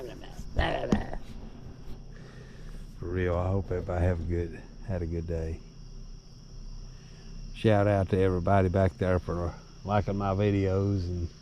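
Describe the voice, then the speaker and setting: A tipsy man vlogging by a river on a handheld camera, rambling and cursing with chuckles in between. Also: low-pitched. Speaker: bikepacking vlogger. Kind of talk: rambling outdoor vlog. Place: outdoors by a river. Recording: outdoor recording with loud nature noise. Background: crickets and insects.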